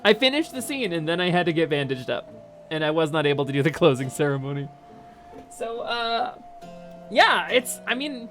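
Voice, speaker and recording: A woman's voice: lowish voice, sing-song, brisk, faint music behind. A woman from North New Jersey with a North Jersey accent, chatting frankly to her stream audience with lots of fillers and restarts. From North New Jersey, United States. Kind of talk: candid chat during a game stream.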